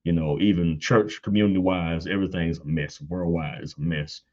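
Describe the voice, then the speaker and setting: Deep-voiced man telling animated family stories. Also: moderate pace, lo-fi sound. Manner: animated, laughs often, acts out quotes in high voice. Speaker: guest on church panel. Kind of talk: casual storytelling.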